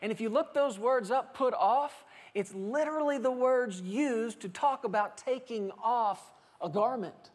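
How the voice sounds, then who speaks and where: A male pastor preaching a sermon to a congregation, telling lively stories and acting out dialogue with humor. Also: very high voice, unhurried, few pauses. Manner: animated storytelling preacher, acting out dialogue with laughter.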